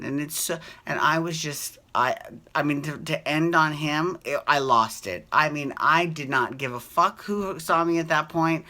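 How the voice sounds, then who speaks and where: A man's voice: mid-range voice, sharp tone. A man hosting a casual soap opera recap, talking in a gushing, emotional way and swearing freely. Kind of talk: casual chat.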